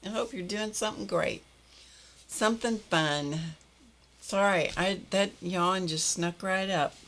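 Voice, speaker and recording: In a casual livestream, an older woman reads out viewer comments, welcoming people by name and often laughing. Her voice is mid-range and a bit bright, and she takes an unhurried pace.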